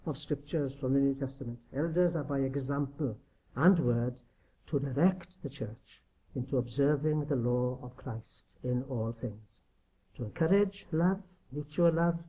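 Earnest preacher man, lo-fi recording. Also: mid-range voice. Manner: earnest, emphatic, with rhetorical questions. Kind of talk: sermon. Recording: dull lo-fi recording.

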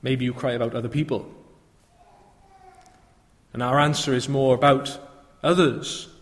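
A man's voice: mid-range voice, fairly even intonation, unhurried. A man preaching a sermon in a reflective manner, often turning to rhetorical questions. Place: church. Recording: long reverb of a church.

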